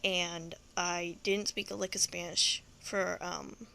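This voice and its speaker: Profane Texan woman with vocal fry. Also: on the low side, flat delivery, takes it slowly, pushed and bright. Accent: Southern US (Texan). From Texas. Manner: rambling, profane, frank. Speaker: storyteller. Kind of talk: casual storytelling monologue.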